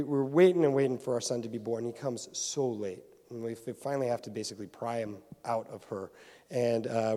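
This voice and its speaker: A man's voice: medium pitch, warm tone. A pastor preaching an earnest, emphatic sermon to his congregation, repeating phrases for weight. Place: church hall. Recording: hall reverb.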